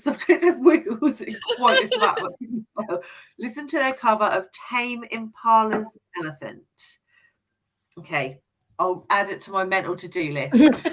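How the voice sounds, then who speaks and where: A woman's voice: mid-range voice, fairly bright tone, poor audio. A woman in her forties hosting a casual book chat, reading out comments and laughing often. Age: 40s. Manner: chatty, laughs often, reads comments aloud. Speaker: podcast host.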